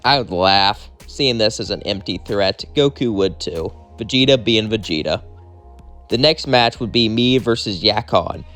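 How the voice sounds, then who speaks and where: A man's voice: lowish voice, animated, measured pace, a bit bright, soft background music. A young man casually narrating his own fan-fiction adventure, rambling and acting out every character himself. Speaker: storyteller.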